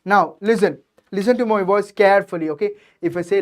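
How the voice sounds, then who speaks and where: A woman's voice: mid-range voice, a little fast. A woman teaching a science revision lecture, explaining step by step and checking in with her students after nearly every point. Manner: addresses students directly and checks understanding.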